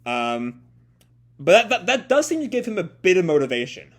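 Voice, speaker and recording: A man's voice: sits high, very animated, normal speed. A man hosting a casual live comic reaction, thinking aloud and often rephrasing and doubling back mid-sentence. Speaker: host.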